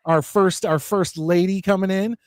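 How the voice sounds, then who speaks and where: A man hosting a live sports talk show, chatty and excited, reading viewer comments aloud. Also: sits high, normal speed, dry recording. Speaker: host.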